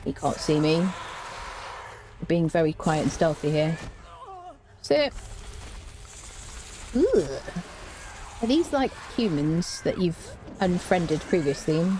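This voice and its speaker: A woman's voice: low-pitched, sing-song, takes it slowly, pauses often, dark tone, slight background noise. A woman giving casual, wry commentary while playing a game and chatting to her cat. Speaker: gaming streamer.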